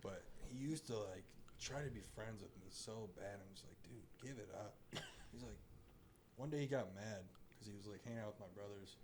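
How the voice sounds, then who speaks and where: A young adult man telling a story as a guest in a casual podcast chat. He is profane and mocking, swinging between mutters and loud bursts. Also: fairly low pitch, a little fast. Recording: loud background noise.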